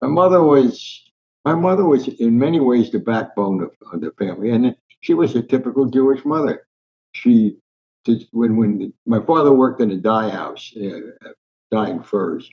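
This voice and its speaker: Brief: older New storyteller in his nineties, lively anecdotes, slightly muffled recording. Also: mid-range voice, moderate pace. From Newark, New Jersey. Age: 90s. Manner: animated anecdotal storyteller, acts out voices. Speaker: guest, sports columnist. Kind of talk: storytelling in an interview.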